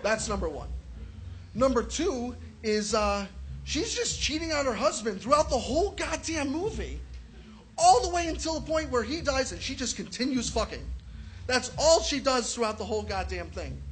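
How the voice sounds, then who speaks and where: Man, stand-up comedian, crude profane storytelling, high pitch, faint room noise. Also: fairly bright tone. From Chicago area.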